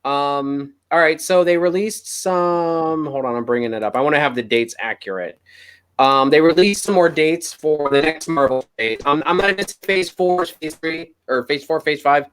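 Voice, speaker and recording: A man on a casual podcast call with a fairly high voice. He talks hesitantly, stumbling and restarting as he hunts for details on his computer. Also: normal speed, fairly bright tone, smooth. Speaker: podcast co-host.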